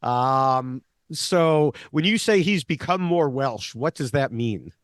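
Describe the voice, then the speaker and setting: A man co-hosting a podcast, recapping a reality show in a casual, animated way and laughing often. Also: mid-range voice, takes it slowly, dry recording, clean studio sound. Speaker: podcast co-host, Survivor expert.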